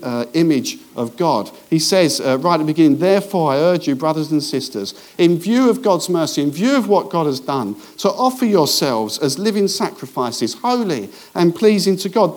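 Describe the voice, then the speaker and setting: A man preaches, his fairly high voice moving from quiet confiding asides up to bold, emphatic exhortation. He breaks in with jokey remarks to the congregation, in an animated pastor's sermon. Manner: animated, swings between hushed asides and rising emphasis.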